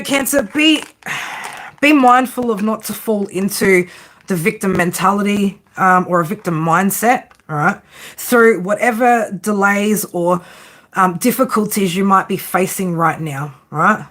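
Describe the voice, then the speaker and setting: A woman with an Australian accent gives a live tarot reading in loose, casual chat. Her voice sits at an ordinary middle pitch, and her delivery is blunt and sarcastic, with frequent swearing. She keeps tagging her lines with a quick "right?". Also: a bit bright. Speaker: tarot reader.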